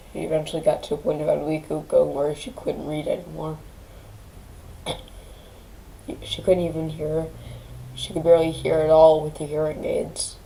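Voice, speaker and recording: A grieving woman on her vlog, near tears, speaking in halting phrases that restart and trail off. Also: sits low, completely flat delivery, creaky, warm tone, a little hiss or hum, rough recording. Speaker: channel host.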